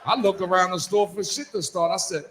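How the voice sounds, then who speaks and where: A male stand-up comedian telling profane stories on a club stage, slipping into quick character voices. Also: high-pitched, fairly even intonation. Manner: brash, profane storytelling with quick put-on voices. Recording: echoey live club recording with crowd noise.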